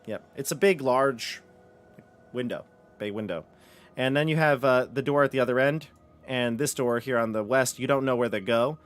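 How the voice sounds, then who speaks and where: A man at a mid pitch narrating a tabletop role-playing game as its dungeon master. He lays out the scene in detail and reads room descriptions to the players. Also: normal speed.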